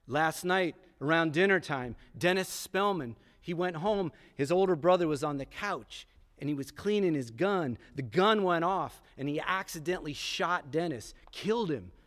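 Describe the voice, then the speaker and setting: A man's voice: fairly high pitch, expressive, normal speed, fairly bright tone. A man voicing an eleven-year-old schoolboy breaking grim news, told on a theatre stage. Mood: urgent. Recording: long theatre hall reverb.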